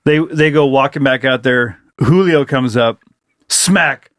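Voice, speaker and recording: A man in his forties telling a story in a casual podcast chat, profane and excitable, breaking into shouted reenactments. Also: mid-range voice, normal speed, no echo, clean studio sound. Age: 40s. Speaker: podcast co-host.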